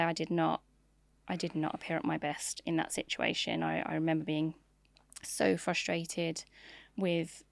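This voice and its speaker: Low gravelly woman, candid storyteller. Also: no room sound. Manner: frank, open, storytelling. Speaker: marketing leader, podcast guest. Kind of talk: candid interview conversation.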